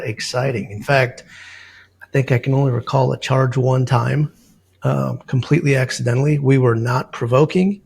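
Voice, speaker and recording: Gravelly-voiced man telling safari stories. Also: mid-range voice. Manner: relaxed, rambling anecdotes with many fillers. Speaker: safari guide and wildlife photographer guest. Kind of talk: casual storytelling.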